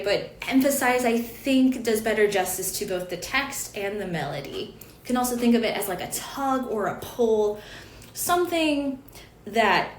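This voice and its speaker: A woman's voice: fairly high pitch, reverberant, slight background noise. A woman giving an online lesson on chant notation, explaining patiently with fillers and small asides. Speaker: chant teacher.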